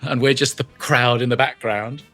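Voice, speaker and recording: A man, a voice actor interviewed as a guest, telling lively stories with laughs and quick character voices. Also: medium pitch, faint music behind. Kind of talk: animated interview anecdotes.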